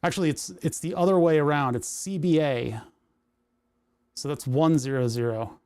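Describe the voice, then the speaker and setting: A man with a fairly high voice chats through a hardware project on a livestream. He rambles, talks to himself, reads chat aloud and jokes at his own expense. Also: moderate pace, darkish tone, smooth. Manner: rambling, self-mocking, thinks aloud. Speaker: livestream host. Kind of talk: casual live coding chat. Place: home workshop.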